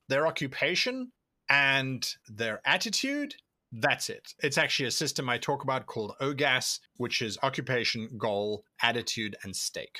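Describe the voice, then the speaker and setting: A man being interviewed as a tabletop role-play video creator, explaining at length in an animated way and acting out the thoughts he quotes. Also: medium pitch, no room sound, studio quality. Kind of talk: conversational interview answers.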